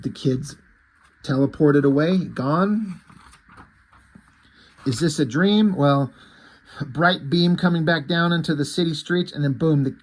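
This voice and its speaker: A man casually reviewing a comic book, rambling and correcting himself, with the odd swear word. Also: fairly high pitch.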